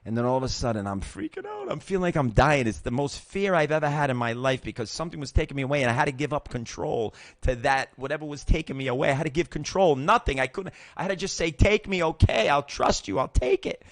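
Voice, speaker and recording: The host, a middle-aged man, rushes through his personal recovery story with few pauses, using a medium-pitched voice in a clean studio recording without echo. It's a casual, emotional, profane and animated retelling in which he acts out the other voices.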